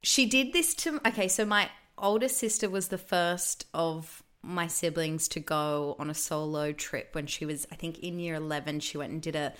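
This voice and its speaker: A woman with a slightly low voice, telling a family story in a relaxed podcast chat. She is chatty and quick to laugh along with her own story.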